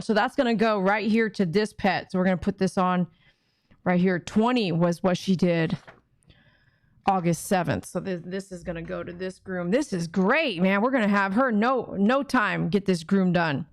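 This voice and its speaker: A woman pet groomer hosting a live fundraiser stream, chatty and excitable, gushing thanks to donors. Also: mid-range voice, moderate pace, slight background noise. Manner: excitable, gushing thanks, sings repeated thank-you chants.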